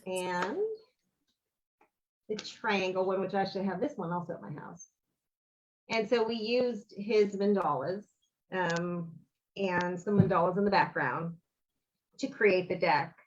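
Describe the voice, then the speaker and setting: A woman's voice: mid-range voice, a little slow, long pauses, lo-fi sound. A woman, a guest on an interview, telling a personal story in an earnest, rambling way and acting out the dialogue. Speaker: interview guest, author and bereaved mother.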